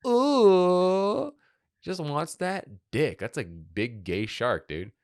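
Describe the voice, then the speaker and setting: A man's voice: lowish voice, slow pace, dry recording, studio quality. A young man hosting a podcast, riffing crude jokes with lots of swearing and laughter. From Los Angeles. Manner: riffing, laughing, swearing, animated silly bits. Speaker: podcast host. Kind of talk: crude casual banter.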